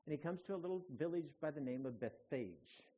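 A male pastor preaching a sermon, telling the story in an animated way that swings from hushed to loud. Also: on the high side, brisk. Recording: dull lo-fi church recording.

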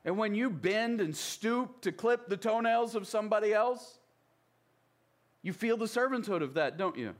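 A man's voice: sits high, lively intonation, moderate pace. A man from the American South preaching a sermon in a conversational way, often checking in with his listeners. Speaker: pastor.

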